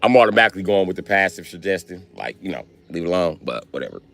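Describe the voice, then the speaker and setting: A man's voice: sits low, fast talker, creaky, soft background music. Man ranting profanely on a livestream. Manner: profane, rambling, lively storytelling. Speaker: livestream host. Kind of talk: comedic livestream rant.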